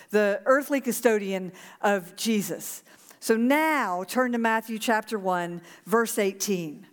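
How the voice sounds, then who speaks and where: A woman's voice: a little high, in a large hall. A woman pastor preaching a sermon to her congregation, earnest and urging them to repeat a prayer. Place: church sanctuary.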